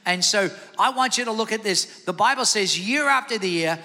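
A man preaching a sermon as pastor, energetic, calling out to the congregation for responses in a church sanctuary. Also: high voice, moderate pace, long reverb tail.

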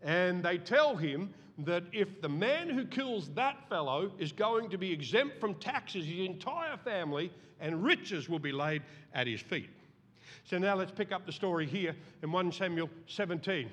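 Brief: middle-aged male pastor, high lively voice, reverberant church hall. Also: a little slow, breathy edge. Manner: animated, acts out voices in the story. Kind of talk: sermon. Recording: long reverb of a large hall.

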